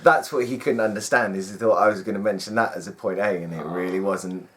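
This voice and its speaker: A man's voice: fairly low pitch, steady tone, fast talker. A man from the UK co-hosting a casual film review chat, laughing a lot and restarting his phrases. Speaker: film review podcast co-host.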